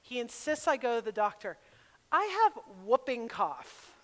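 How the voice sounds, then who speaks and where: A middle-aged woman speaking at a women's retreat, telling a personal story with animated, sometimes loud bursts. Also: fairly high pitch, normal speed. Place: large hall at a camp retreat. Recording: long reverb of a large hall.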